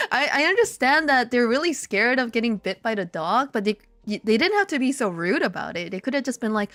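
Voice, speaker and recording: A woman streamer talks casually with her viewers, telling stories that jump up into high, excited exclamations. Her pitch swings widely and the sound is dry and close. Faint music plays underneath. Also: fast talker, hardly any pauses, no room sound. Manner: animated storytelling, swearing, laughing, jumps to high excited exclamations. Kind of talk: casual chat reading viewer comments. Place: lives in Korea.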